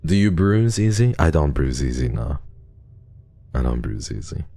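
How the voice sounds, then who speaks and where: A man's voice: extremely low pitch, big pitch swings, moderate pace, gravelly, warm tone, no echo. A man streaming live, chatting casually and telling a rambling story with lots of restarts. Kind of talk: casual livestream chat.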